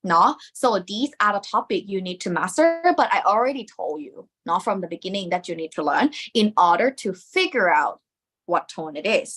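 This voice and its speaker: A woman's voice: medium pitch, sing-song, fast, fairly bright tone, husky. A woman with a Thai accent teaching a language lesson, patiently repeating sounds for learners to copy.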